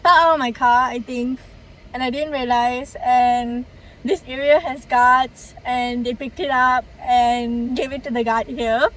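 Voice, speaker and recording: A young woman with a Malaysian English accent, talking to camera in a chatty, expressive vlog. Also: a little high, unhurried. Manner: chatty and expressive, swings between mumbled and excited. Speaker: vlogger. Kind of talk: casual vlog talk to camera.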